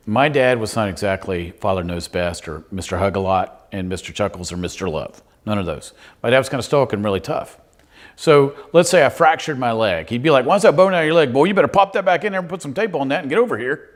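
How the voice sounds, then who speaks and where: A middle-aged man, a pastor, giving a humorous storytelling sermon full of self-mocking, chatty anecdotes. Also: on the low side.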